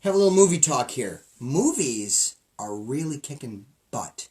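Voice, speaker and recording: A man's voice: mid-range voice, a little slow. A man from upstate New York co-hosting a podcast, joking and self-deprecating in casual banter. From New York State. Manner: animated, jokey, self-deprecating. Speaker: podcast co-host.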